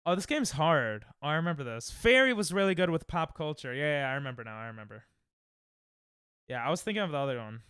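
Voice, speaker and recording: A young man streaming casually, reacting excitably and thinking aloud while he plays, sounding tired. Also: on the high side, quick pace, smooth, no echo, studio quality. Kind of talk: casual live-stream chat while playing games.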